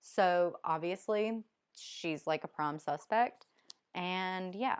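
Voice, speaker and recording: A woman's voice: lowish voice, takes it slowly, clean tone. A woman with a Southern US accent chatting casually as a book vlogger, rambling and hesitant with many ums. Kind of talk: casual chat.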